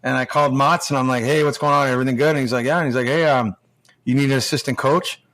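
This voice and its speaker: A man's voice: medium pitch, fairly even intonation, fast talker, a bit bright. Profane, rambling storyteller man in his forties. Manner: rambling, profane, acts out quoted dialogue. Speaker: podcast guest, former pro hockey player now junior coach. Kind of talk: casual storytelling chat.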